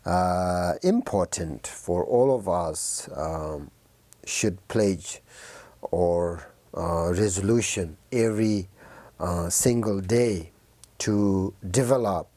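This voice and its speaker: A man giving a New Year Dharma talk to his students as a Buddhist teacher, gentle and encouraging, halting with many fillers and pauses. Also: low-pitched, dry recording.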